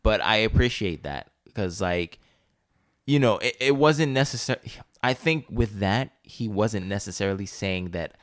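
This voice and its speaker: A man's voice: fairly low pitch, measured pace, dry recording, studio quality. A young man co-hosting a casual podcast chat, telling stories animatedly and acting out the people in them. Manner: animated storyteller, acts out quoted voices. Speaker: podcast co-host.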